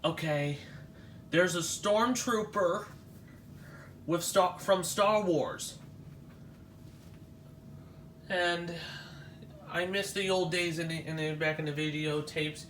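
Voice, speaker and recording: A man vlogging as he walks through an exhibition, talking in a halting, nostalgic way with frequent restarts. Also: on the high side, a bit bright, slight background noise. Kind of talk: casual walk-through commentary.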